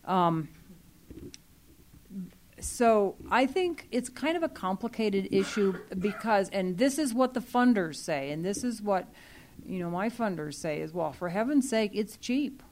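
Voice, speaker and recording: A woman's voice: mid-range voice, animated, a little slow, a little hiss or hum. A woman talking through an issue at a group meeting, earnest and explanatory, with many fillers. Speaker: library program staff speaking to a user group. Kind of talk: meeting discussion.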